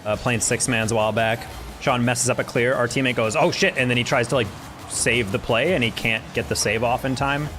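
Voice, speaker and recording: A young man streams a game and talks casually to his chat in a voice of middle pitch. He slides into slangy, profane rants about teammates. Faint game music plays under his voice. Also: steady tone, brisk. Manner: laid-back, ranting with profanity and slang. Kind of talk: casual gameplay commentary to chat.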